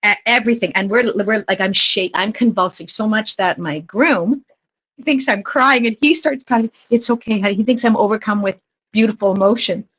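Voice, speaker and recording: Husky-voiced woman telling funny stories. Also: mid-range voice, normal speed, lo-fi sound. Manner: animated storytelling, jumping into quoted voices. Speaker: guest, improv comedian and theatre teacher. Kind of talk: casual podcast chat.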